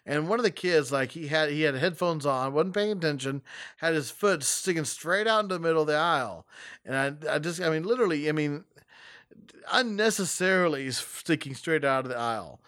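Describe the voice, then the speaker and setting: A young man tells stories in a loose, chatty way, tripping over his words and stopping to start again. His voice sits a little high for a man and comes across smooth and clear. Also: lively intonation, brisk, a bit bright. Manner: rambling with many restarts and laughs. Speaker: video answering personal questions. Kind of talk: casual storytelling.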